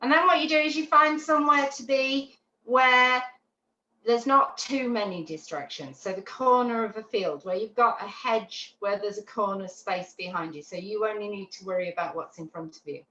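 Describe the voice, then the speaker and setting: A woman teaching a dog training class over a video call, chatty and animated, often checking in with "yeah?". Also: medium pitch, normal speed. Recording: roomy, dull lo-fi call audio with faint noise.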